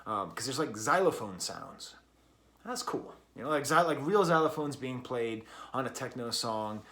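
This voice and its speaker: A man's voice: medium pitch, lively intonation, moderate pace, a bit bright. A man reviewing an album in a casual, rambling way, with many fillers and restarts. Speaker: music reviewer.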